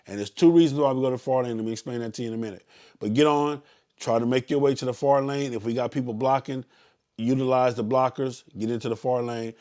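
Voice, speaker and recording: A Southern US man briefs his motorcycle club riders in a loose, preachy live stream. He talks plainly at an average pitch and every so often breaks into loud, profane yelling. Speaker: motorcycle club ride leader.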